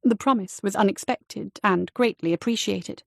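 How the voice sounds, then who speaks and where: A woman reads a novel aloud in a steady, even storytelling manner. Her voice has a gravelly grain, recorded close and dry on a studio mic with no room sound. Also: medium pitch, moderate pace, few pauses, no room sound. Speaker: audiobook narrator. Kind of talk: scripted narration.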